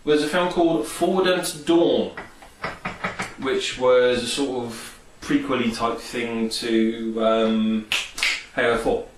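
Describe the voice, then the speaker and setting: Guy rambling excitedly about movie scenes, roomy echo, sits back from the mic. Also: mid-range voice, slow, recorded from a distance. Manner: rambling, enthusiastic, many fillers. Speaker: vlogger. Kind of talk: casual film and game review. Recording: echoey room, off-mic, faint hiss.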